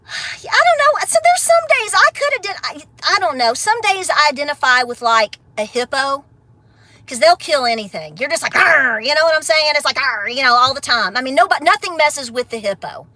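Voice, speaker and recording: Fiery woman with a bright, high voice. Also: lively intonation, fairly quick, no room sound. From Appalachia. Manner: fiery and blunt, then laughing and affectionate. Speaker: homestead vlogger. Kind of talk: casual livestream rant to viewers.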